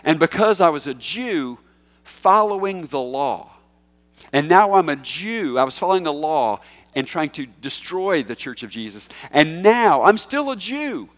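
Emphatic preacher in a reverberant hall. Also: male voice, a little high, sing-song, unhurried. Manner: emphatic, rises to loud peaks when quoting scripture. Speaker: pastor. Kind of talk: expository sermon.

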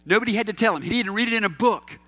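Pastor, male, middle-aged; high, forceful voice, easygoing anecdotal preaching with fillers. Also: very fast, faint music behind. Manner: casual and anecdotal, with fillers and repeats. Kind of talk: conversational sermon.

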